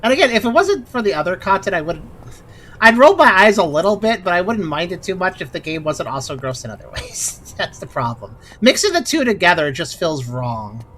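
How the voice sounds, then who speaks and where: A woman's voice: fairly low pitch, sing-song, brisk, a bit bright, slight background noise. A woman giving casual, sarcastic commentary while playing a video game. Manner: sarcastic, critical. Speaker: let's play host.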